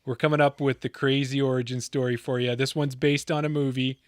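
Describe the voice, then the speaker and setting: A man's voice: medium pitch, flat delivery, dry recording, clean studio sound. Theatrical male podcast host. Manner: theatrical storytelling with big pauses. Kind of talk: dramatic scripted narration and casual chat.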